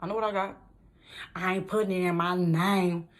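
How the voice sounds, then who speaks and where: A young woman talks straight to her viewers in an easygoing vlog. Her voice sits a little low, and she jumps up in pitch to make a point. She keeps things loose and animated and laughs often. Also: moderate pace. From Detroit, USA. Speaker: vlogger. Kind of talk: casual storytelling to camera.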